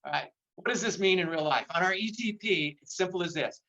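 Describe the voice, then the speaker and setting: A high-pitched older man speaks briskly at a virtual seminar, his pushed, bright voice carrying an impassioned motivational message full of repeated phrases. The video call audio is muffled.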